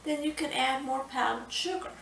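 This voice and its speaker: A woman, chatty and unhurried, leading a casual home cooking tutorial in her kitchen. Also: high-pitched, vocal fry, fairly bright tone, far from the mic, slight background noise. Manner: chatty, unhurried, says "y'all". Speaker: home cooking show host. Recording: echoey kitchen, mic set back.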